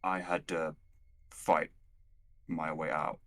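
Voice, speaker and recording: A man playing a tabletop role-playing game, talking in a hesitant, halting way. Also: rumbling low, little pitch movement. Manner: hesitant, halting, soft-spoken. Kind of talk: in-character roleplay and table chat.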